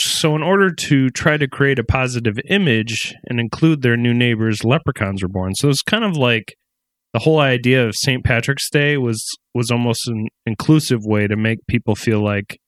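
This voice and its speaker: A man's voice: mid-range voice, expressive, normal speed, fairly bright tone, no echo. A man hosting a comedy podcast, rambling and giggly, poking fun at himself as he tells folklore. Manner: rambling, giggly, self-deprecating. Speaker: podcast host. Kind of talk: casual comedic podcast chat.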